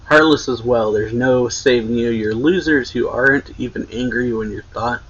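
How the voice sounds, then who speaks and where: A man reading the lines of a cold, contemptuous male military instructor aloud, a little louder and higher than his own talk, with a husky voice on dull lo-fi audio. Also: moderate pace. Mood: scornful.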